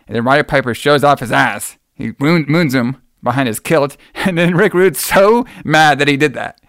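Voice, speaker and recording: Man hosting a podcast, rambling, enthusiastic, swears a lot, mid-pitched, dry recording. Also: normal speed, gravelly, few pauses, fairly bright tone, no room sound. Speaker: podcast host. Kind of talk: casual chat.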